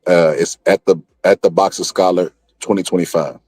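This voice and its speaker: A man with a fairly low voice hosts a live online talk stream, needling his co-host and spinning a joke story. The sound is close and dry, with no room echo. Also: steady tone, normal speed, darkish tone. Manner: joking, teasing, storytelling with put-on voices. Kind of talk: casual trash-talk banter.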